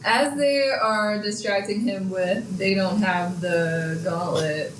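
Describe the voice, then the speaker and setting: Slow-spoken woman player, off mic. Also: medium pitch, echoey room, distant mic, slight background noise, low-quality recording. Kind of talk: tabletop game play.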